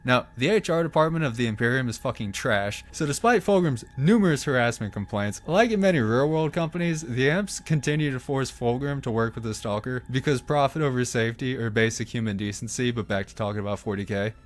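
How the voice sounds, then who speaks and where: A man narrating a comedic video recap in a sarcastic, profane style with quick asides. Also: mid-range voice, animated. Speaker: channel host.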